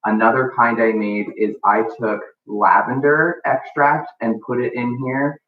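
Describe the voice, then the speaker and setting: A man talks through a baking demo in a relaxed, rambling way, filling pauses with ums and likes. He is some way off the mic in an echoey room, and the sound is thin and phone-like. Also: medium pitch, recorded from a distance. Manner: casual, chatty, many ums and likes. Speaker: baking instructor. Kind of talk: live cooking demonstration.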